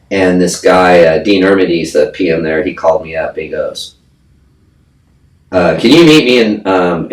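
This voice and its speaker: A man guest on a podcast, telling a story in a blunt, profane, casual way and acting out the voices of people he quotes. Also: low-pitched. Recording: echoey room, distant mic, faint noise.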